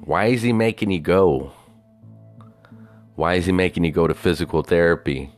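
A man voicing a bossy woman of about fifty who lectures and scolds her mother, in a low voice. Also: expressive, moderate pace, soft background music. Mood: questioning. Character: bossy fifty-year-old woman, quick to anger.

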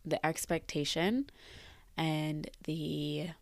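A woman's voice: sits low, fairly even intonation, very slow, no room sound. A woman in her twenties, a teacher, talking candidly and reflectively about her job in a personal vlog, repeating words for emphasis. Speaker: teacher leaving the profession.

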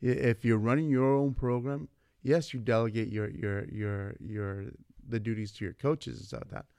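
A man's voice: medium pitch, creaky, no echo, clean studio sound. A man in his forties, a vice principal and former coach, telling stories in a casual conversation and acting out the voices of people he quotes. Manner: animated, acts out quoted voices, says "man" and "like" often.

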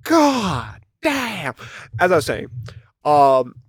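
A man's voice: fairly high pitch, huge pitch swings, extremely slow, slightly rough, dry recording, studio quality. A young man co-hosting a podcast, telling rambling stories in casual chat and swearing often. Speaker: podcast co-host.

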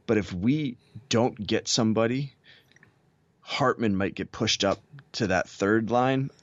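Podcast co-host, male, very low voice, blunt opinions, dull dry recording. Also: a little slow, dry recording. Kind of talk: casual sports chat.

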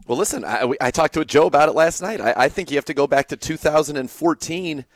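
A man co-hosting a sports talk show, talking in a steady, conversational way and backing up his co-host with short agreements. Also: fairly high pitch, quick pace, no echo.

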